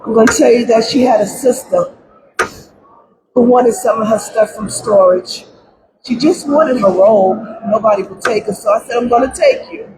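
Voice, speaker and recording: A middle-aged woman giving emotional public testimony at a press conference about her grief, pleading through tears and at times breaking into shouts. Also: a little high, normal speed, rough recording. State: grief-stricken, close to crying. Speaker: grieving mother giving testimony. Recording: crowd noise at a press event.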